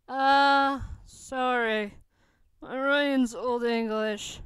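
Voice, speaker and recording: A woman voicing a gentle, homesick young male wizard who speaks softly and hesitantly. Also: sits high, steady tone, very slow, smooth, no room sound, exaggerated voice. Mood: apologetic.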